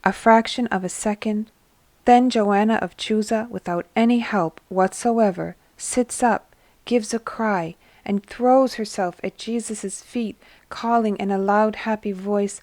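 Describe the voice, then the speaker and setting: A woman narrating a devotional story in a slow, measured storytelling manner. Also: mid-range voice, fairly even intonation, a little mellow, dry recording.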